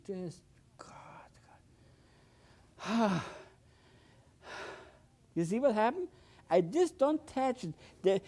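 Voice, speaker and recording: A man's voice: high voice, darkish tone. An older man demonstrating oil painting with a palette knife, talking with bursts of enthusiasm, repeating words and exclaiming over the results. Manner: enthusiastic, exclaims often, repeats words, non-native phrasing. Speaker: painting instructor.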